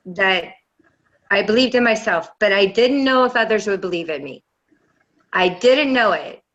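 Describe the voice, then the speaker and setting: Bright-voiced woman telling stories. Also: medium pitch, lo-fi sound. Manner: rambling, enthusiastic storytelling. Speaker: panel guest. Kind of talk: round-table discussion.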